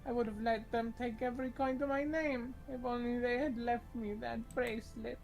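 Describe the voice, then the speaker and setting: A man voicing a doddering, gentle and grateful old woman in a soft, pleading voice. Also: very high voice, fairly even intonation, normal speed, creaky, soft background music, pitched above the performer's own voice, poor audio. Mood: wistful.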